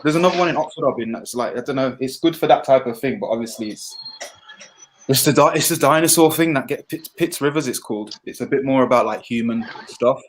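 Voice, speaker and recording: This is a man in his thirties with a voice of middle pitch. He talks quickly in relaxed, slangy livestream banter. He teases the others as he goes. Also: rough recording. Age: 30s. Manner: rapid, laid-back, slangy, teasing.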